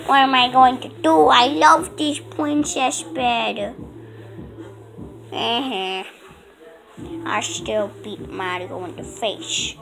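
A woman's voice: fairly high pitch, steady tone, slow, gravelly, pauses often, over music, rough recording. A woman voicing a whiny male younger-brother plumber in an amateur fan skit, with a complaining manner.

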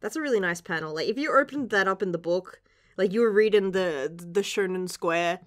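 A woman's voice: medium pitch, brisk. Giggly young woman gushing over comics. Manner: gushing, giggly, swears casually. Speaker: manga reviewer. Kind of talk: casual chapter reaction.

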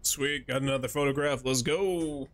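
A man's voice: medium pitch, moderate pace. A man streaming a video game, chatting to himself in casual commentary with exasperated outbursts.

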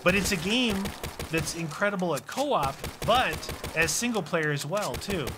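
A man co-hosting a gaming channel, chatting excitedly while playing a co-op game. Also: sits high, unhurried. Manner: chatty, excitable, talks over gameplay. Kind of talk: casual gameplay chat. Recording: game audio noise behind.

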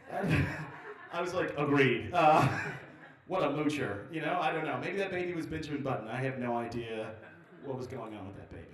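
Wry forty-something comedian in an echoey room. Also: male voice, fairly high pitch, recorded from a distance. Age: 40s. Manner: wry, riffing, teasing the audience, with sudden loud outbursts. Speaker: stand-up comedian. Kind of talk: live stand-up with crowd work. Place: lodge performance room. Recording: echoey room recorded from afar.

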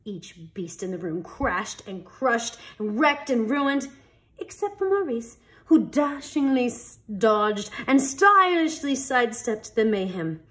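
A woman reading a picture book aloud with an expressive storytelling delivery. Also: on the high side, slow. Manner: expressive, animated read-aloud.

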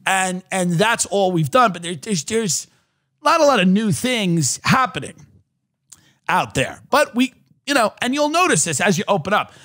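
A man's voice: high voice, sing-song, normal speed, fairly bright tone, no echo, clean studio sound. A man in his thirties, a podcast host from the United States, ranting sardonically in a comedic monologue. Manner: sardonic ranting, mocking voices.

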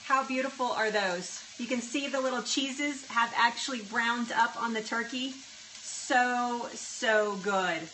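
A woman's voice: on the high side, steady tone, a little slow, slight background noise. Bubbly woman chatting through a cooking stream. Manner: chatty and bubbly, talks to food and thanks viewers warmly. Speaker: home cook hosting a live-streamed cooking show. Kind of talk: casual live-stream cooking demo, chatting with viewers. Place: home kitchen. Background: faint sizzling and stirring of cooking.

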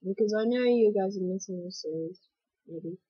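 A woman giving casual gameplay commentary, excitable and prone to yelps and exclamations. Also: mid-range voice, moderate pace, breathy edge, no echo, dull audio.

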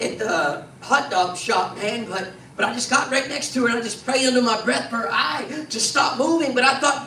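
A man's voice: extremely high pitch, moderate pace, hardly any pauses, sharp tone. A man preaching a sermon, earnest and conversational, often tagging his sentences with "man" and restarting his phrases. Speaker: pastor. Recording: distant mic in an echoey room with faint noise.

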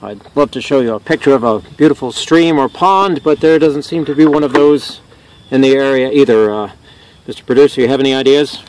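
A man hosts a comedic science lesson for kids out in the open. His voice sits at an ordinary middle pitch. He talks earnestly and mock-seriously and gets easily flustered. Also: a little fast, darkish tone, slight background noise. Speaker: science show host. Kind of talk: comedic educational presentation. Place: outdoors in a natural area.

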